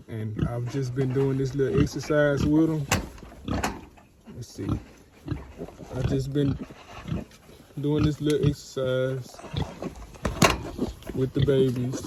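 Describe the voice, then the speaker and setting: A man with a drawl speaks slowly and soothingly while narrating a farm vlog. He sits outdoors in a pig pen, filmed on a camera mic. Piglets squeal and pigs grunt loudly around him. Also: medium pitch. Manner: slow, soothing, talks gently to piglets. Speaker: farm vlogger. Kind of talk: casual vlog narration while handling animals. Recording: noisy outdoor farm recording.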